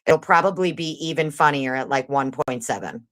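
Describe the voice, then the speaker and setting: Woman livestream host with a low voice, fast reader, sarcastic and swearing. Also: a bit bright. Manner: sarcastic and profane. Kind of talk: casual livestream chat and reading aloud.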